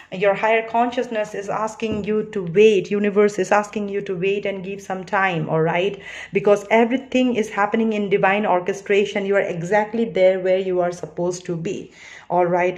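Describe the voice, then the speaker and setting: A woman's voice: medium pitch, darkish tone. A woman giving a tarot card reading, chatty and earnest, full of "you know" and "all right". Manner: earnest and reassuring. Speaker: tarot reader.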